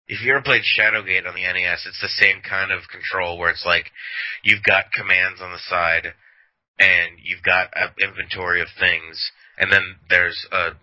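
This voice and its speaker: Deep voiced guy rambling on a podcast, kinda forceful tone, laughs a lot. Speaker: podcast co-host. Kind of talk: casual chat. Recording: dull lo-fi audio.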